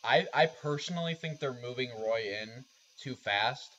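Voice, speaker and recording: A man co-hosting a podcast in a casual discussion, thinking aloud in a measured way. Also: medium pitch, fairly bright tone. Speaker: podcast co-host. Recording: dull lo-fi audio.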